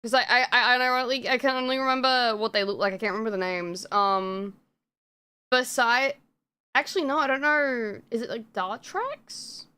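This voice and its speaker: High, bright-voiced woman streamer. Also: moderate pace, clear, resonant tone. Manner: rambling, swears often, many fillers. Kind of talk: casual live-stream chat.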